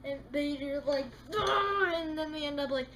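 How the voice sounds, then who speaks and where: Woman, vlogger, high voice, animated, exasperated rants, casual comedic monologue. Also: normal speed, very noisy. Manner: animated, acts out little scenes, exasperated rants.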